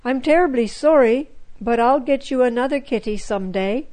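A woman voicing a brisk, matter-of-fact mother speaking firmly to her daughters. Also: sits high, a little mellow, close to an everyday voice. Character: brisk practical mother of two girls.

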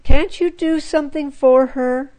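High sad little girl all teary and begging, read by a woman, slow. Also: fairly even intonation, warm tone. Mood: pleading. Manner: pleading, weepy. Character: tearful little girl grieving her kitten.

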